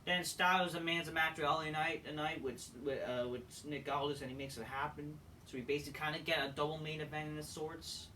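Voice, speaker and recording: A man reviewing a wrestling show in a profane, exasperated rant, full of rhetorical questions, swinging from loud outbursts to flat mutters. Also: fairly high pitch, fairly quick, few pauses. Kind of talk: ranting solo show review. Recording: distant mic, faint background noise.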